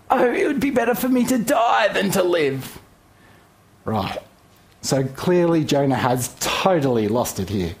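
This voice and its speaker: A man's voice: fairly high pitch, darkish tone. A man teaching through a Bible story, reading verses and adding playful, joking asides.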